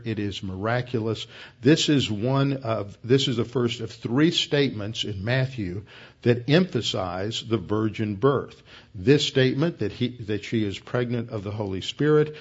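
A man's voice: fairly low pitch, muffled recording. Man teaching scripture, methodical. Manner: methodical, explanatory, with frequent "uh" pauses. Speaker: preacher. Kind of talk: expository Bible teaching.

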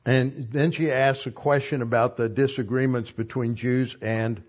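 A man giving an expository sermon as a Bible teacher. He reads a passage, then pauses to explain it. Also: mid-range voice, fairly even intonation, highs cut off.

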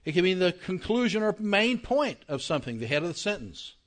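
A Bible teacher with a slightly raised pitch lectures his congregation like a classroom, in plain, conversational talk. His delivery is sing-song, a little fast and a bit bright, and he keeps asking if listeners follow while drawing out words he wants to stress.

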